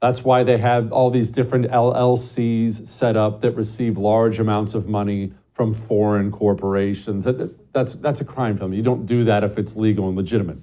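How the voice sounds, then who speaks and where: A middle-aged man hosting an opinion show, talking emphatically and swinging between loud bursts and low, muttered asides. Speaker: show host. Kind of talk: opinionated commentary monologue.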